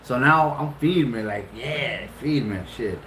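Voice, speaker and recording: A middle-aged man casually telling a long, funny story, swearing freely and jumping up in pitch for retold lines. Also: unhurried, slight background noise. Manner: animated, profane, laughing often, jumps into high-pitched retellings. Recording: roomy echo.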